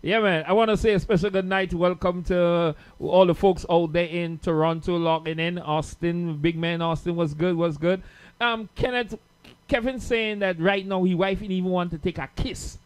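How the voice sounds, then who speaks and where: A man's voice: high-pitched, moderate pace, hardly any pauses, smooth, dry recording. A man hosting a casual late-night radio show, playful and teasing, laughing often.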